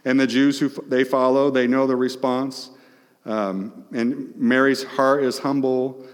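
A man's voice: medium pitch, flat delivery, measured pace. Male pastor, sermon, mid-range voice, emphatic, audience questions, long reverb. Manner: questions the audience, emphatic, swings between loud and hushed.

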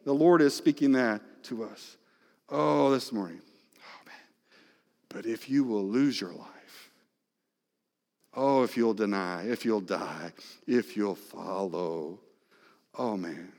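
A man preaching a sermon as pastor, moving between loud, emphatic passages and hushed, near-whispered ones. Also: on the low side, slow, long pauses. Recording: long reverb of a large hall.

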